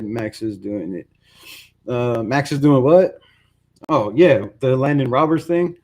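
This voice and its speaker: Male fan host, casual frustrated rant, slightly high voice. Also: a little mellow. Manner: frustrated, conversational, says "bro" and "right?" a lot.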